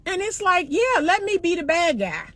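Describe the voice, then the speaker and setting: A woman's voice: very high-pitched, sing-song, moderate pace, a bit bright, no echo. A middle-aged woman relationship coach talking bluntly and animatedly to viewers, laughing often. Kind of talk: live-stream chat answering comments.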